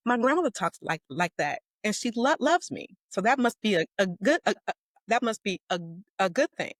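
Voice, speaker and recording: A woman in her forties who stutters, telling her story as a guest in an interview with warm laughter and emphasis. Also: mid-range voice, expressive, moderate pace, vocal fry, no echo. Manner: stutters with repeated sounds and words. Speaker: guest, educator.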